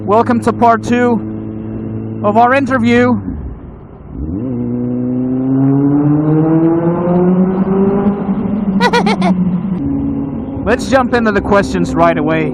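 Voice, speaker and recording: A man's voice: sits high, sing-song, extremely slow, long pauses. A man hosting a motovlog channel, answering interview questions in a casual, rambling way and often restarting his words. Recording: loud traffic and engine noise.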